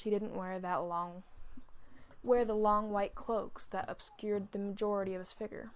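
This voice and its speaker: A woman reads fanfiction aloud at home in a relaxed, casual way, often tripping over words and fixing them. Her voice is middle in pitch and has a lot of gravelly vocal fry. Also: low-quality recording. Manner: casual, stumbles over words, self-corrects. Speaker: fanfiction reader.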